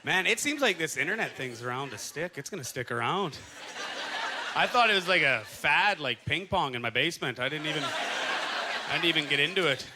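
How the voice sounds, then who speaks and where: A man's voice: fairly high pitch, expressive, normal speed. A Canadian man doing a stand-up comedy set on a club stage, talking animatedly and laughing through his punchlines. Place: comedy club stage before a live audience. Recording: live club set, loud crowd noise. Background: loud audience laughter.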